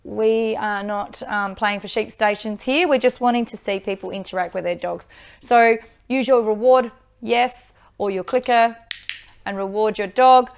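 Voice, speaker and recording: An upbeat woman, teaching dog training and giving loud bursts of praise into a microphone. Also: mid-range voice, steady tone, measured pace, gravelly, clean tone. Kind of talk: instructional video with live dog training.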